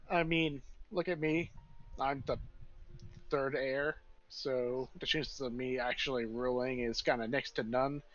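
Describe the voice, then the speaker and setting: A man voicing an excitable young royal third heir who rambles and corrects himself mid-sentence. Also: mid-range voice, slow pace, highs cut off. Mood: eager.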